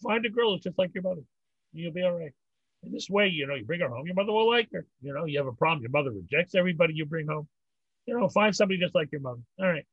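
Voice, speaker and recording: A man's voice: fairly high pitch, lively intonation, racing, husky, no room sound, highs cut off. An older man, a rabbi, talking in a rambling way and telling old jokes, often repeating words and laughing. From North America. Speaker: rabbi, interview guest. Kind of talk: storytelling conversation.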